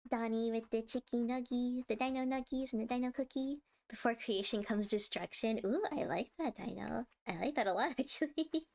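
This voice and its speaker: Streamer type: chatty, giggly American woman, slightly high voice. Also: vocal fry. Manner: chatty, giggly, reads chat aloud. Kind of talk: casual livestream chat.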